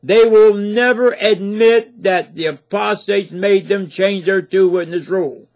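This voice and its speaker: Slow, high-voiced man rambling folksily. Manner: folksy and rambling, with repeated fillers and restarts. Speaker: religious commentator. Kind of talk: casual spoken monologue. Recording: dull lo-fi recording.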